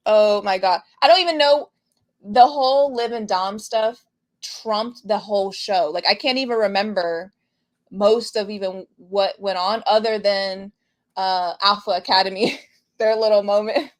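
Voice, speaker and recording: A woman's voice: medium pitch, unhurried. Chatty woman recapping wrestling. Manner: animated, laughs often, trails off and restarts. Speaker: podcast co-host. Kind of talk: casual wrestling recap chat.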